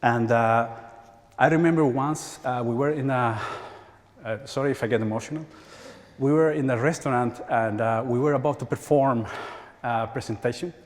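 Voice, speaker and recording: Spanish-accented man speaking in an echoing hall. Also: medium pitch. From Spain. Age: 40s. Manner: halting, repeats words, laughs often. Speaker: conference speaker. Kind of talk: conference talk. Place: large church hall. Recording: hall reverb.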